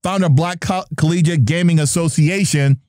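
A middle-aged man from New Jersey hosts a podcast with playful banter and plenty of hype. His voice sits a little high for a man, with a mellow, darker tone. The sound is dry and close, with no room around it. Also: brisk, no echo. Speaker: podcast host. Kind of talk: lively podcast chat.

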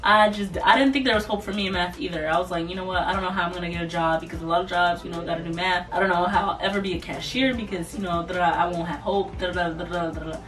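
A young woman casually telling a storytime vlog, animated and loose, slipping into mocking voices. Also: lowish voice, quick pace, hardly any pauses. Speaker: vlogger. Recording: voice a bit far from the mic, soft music behind.

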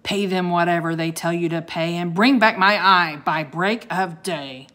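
Woman doing a gruff old ice wizard, bellowing, growling, commanding, storybook. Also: mid-range voice, a little slow, pushed and bright.

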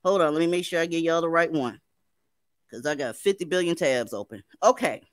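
A woman's voice: low-pitched, expressive, fairly quick, clear, resonant tone, no echo. A woman hosting a livestream, talking bluntly and sardonically to her viewers. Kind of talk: livestream commentary.

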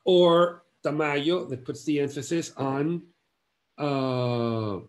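Slow, measured male art lecturer. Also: on the high side. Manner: measured, halting phrases with long pauses. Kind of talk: illustrated art history lecture.

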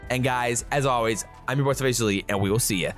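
A young man giving excitable, trash-talking commentary over his own shooter gameplay as a gaming YouTuber, with game music and gunfire behind him. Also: medium pitch, fast.

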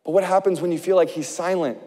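A male pastor preaching an impassioned sermon, swinging between loud urgent passages and hushed ones. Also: high voice, fairly even intonation, quick pace, long reverb tail.

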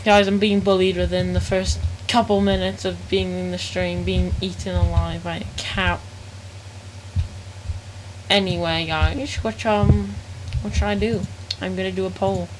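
A woman's voice: fairly low pitch, level tone, unhurried, a little hiss or hum, rough recording. A woman live-streaming a game, chatting casually in slangy speech and reacting aloud to chat.

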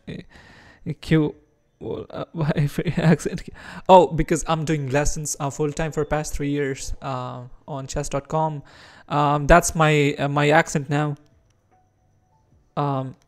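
An Indian man streams chess and chats casually, reacting to his own moves. His Indian English accent carries some American and British touches, and his voice sits on the high side.

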